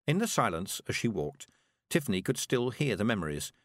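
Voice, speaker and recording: A man reading a storybook aloud as narrator, expressive. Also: fairly low pitch, a little fast, dry recording, clean studio sound. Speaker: audiobook narrator. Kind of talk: scripted narration.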